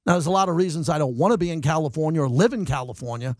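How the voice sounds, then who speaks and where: A middle-aged man hosting sports talk radio, ranting in animated bursts and mocking his critics. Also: a little high, dry recording, studio quality. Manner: animated, rants and mocks in quick bursts. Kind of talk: fired-up sports talk monologue.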